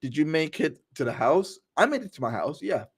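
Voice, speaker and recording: A man's voice: a little high, big pitch swings, a little fast, husky. Man cold-reading court transcripts aloud. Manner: reads all parts aloud, stumbling and restarting, with asides. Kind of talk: cold read of a transcript with commentary.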